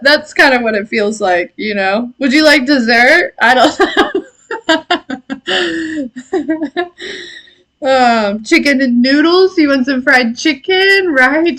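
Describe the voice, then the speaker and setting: A woman's voice: on the high side, a bit bright. A woman in her thirties hosting a casual live intuitive reading, chatty and laughing, swearing casually and answering chat comments. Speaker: intuitive reader and live stream host. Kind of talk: casual live-stream tarot-style reading.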